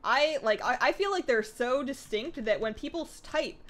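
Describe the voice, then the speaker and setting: A woman from Canada with a Canadian accent, chatting casually with viewers on a live game stream and talking very quickly. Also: high-pitched, lively intonation, fairly bright tone. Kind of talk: casual live-stream chat while gaming.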